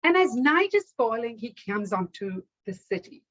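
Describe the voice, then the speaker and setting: A woman storyteller telling a folktale aloud in a measured, rhythmic way. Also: a little high, sing-song, dull audio.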